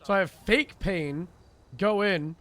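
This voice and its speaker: A man's voice: sits high, takes it slowly, fairly bright tone. A young man streamer casually recounting a roleplay event, rambling and swearing with frequent laughter.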